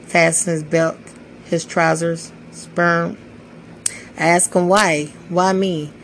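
Low, flat-voiced young woman reciting poetry. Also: slight background noise, poor audio. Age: 20s. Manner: slow and solemn, measured pauses. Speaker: poetry podcaster. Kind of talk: spoken-word poetry reading.

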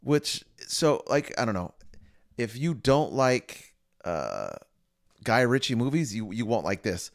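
A man's voice: mid-range voice, very animated, takes it slowly, gravelly, no echo, clean studio sound. A man co-hosting a casual podcast, rambling in a laid-back way with lots of filler words. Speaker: podcast co-host, barber. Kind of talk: casual chat.

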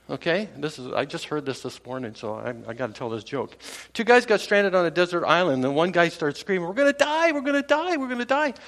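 A pastor delivering a relaxed, conversational sermon, his voice sitting a little high for a man. He stumbles and restarts often and chuckles along with his own jokes. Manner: conversational, with many fillers and restarts. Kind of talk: casual sermon.

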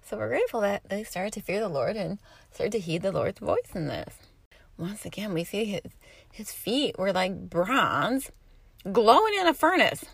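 A woman reading scripture aloud and explaining it in her own words, with expressive bursts of loud emphasis. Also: medium pitch, normal speed, creaky, husky, no echo. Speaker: Bible teacher.

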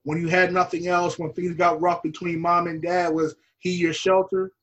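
Husky, higher-voiced male host. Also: little pitch movement, moderate pace, lo-fi sound. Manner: warm, probing, reflective questions. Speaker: podcast host. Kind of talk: interview conversation.

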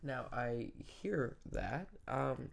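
A woman's voice: a bass voice, lively intonation, extremely slow, vocal fry, a little hiss or hum. A woman in casual chat who makes wry, joking asides.

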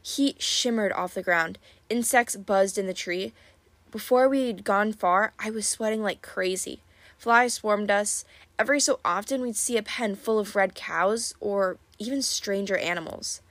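A woman's voice: mid-range voice, measured pace, fairly bright tone, no room sound. Woman, audiobook narrator, wry storytelling, dry close sound. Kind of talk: first-person audiobook narration.

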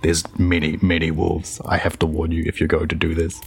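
A man voicing a cryptic male goblin troop leader who speaks slowly and haltingly, breaking into laughter. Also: very deep voice, completely flat delivery, creaky, husky, soft background music, exaggerated voice. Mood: ominous.

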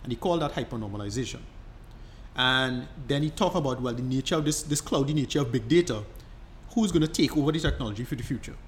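A man's voice: medium pitch, lively intonation, fast talker, a little hiss or hum. A man co-hosting a podcast, explaining at length in casual chat, rambling and restarting his sentences. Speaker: podcast co-host.

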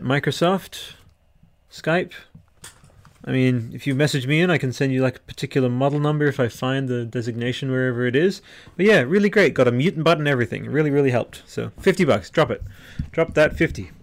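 An Australian man in his thirties rambles cheerfully through a live podcast stream, reading out chat messages and answering them off the cuff. His voice sits at an ordinary middle pitch, and his talk is loose and full of ums and restarts. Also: a little fast. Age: 30s. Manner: chatty and rambling, reading out viewer comments with frequent fillers. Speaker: podcast host. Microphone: headset-style home podcast mic.

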